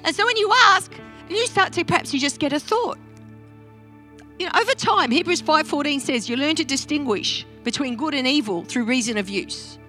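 A woman pastor preaching a sermon in a church, animated and talking straight to the congregation. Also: high voice, moderate pace, soft background music. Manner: animated, interactive preaching with acted-out quotes. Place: church service.

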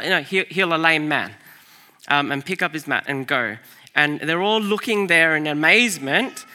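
A man preaching a sermon as pastor, telling a family story in an animated way, swinging from loud to hushed. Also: fairly high pitch. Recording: long hall reverb.

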